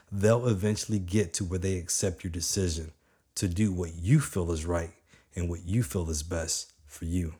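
A young man with a low, deep voice delivers a motivational talk straight to his listeners. He speaks with energy and a casual, chatty manner, hammering points home by repeating them. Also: husky. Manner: energetic, conversational, repeats for emphasis.

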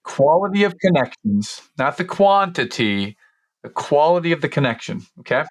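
A man's voice: fairly high pitch, big pitch swings, moderate pace, breathy edge, no echo. Reflective male podcast host, dry sound. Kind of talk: conversational podcast talk.

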